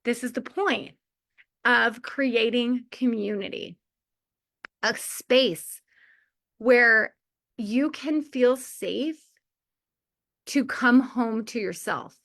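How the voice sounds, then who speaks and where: Speaking to a mothers' community, this woman in her forties offers heartfelt motivation in a chatty way, laughing often and saying "like" a lot. Her voice is on the high side and fairly bright, creaky, with drawn-out words and long pauses.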